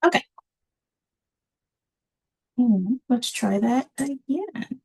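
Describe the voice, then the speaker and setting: A woman presenting a library webinar in a relaxed, casual way, with many filler ums. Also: fairly high pitch, drawn-out words, gravelly, slightly rough.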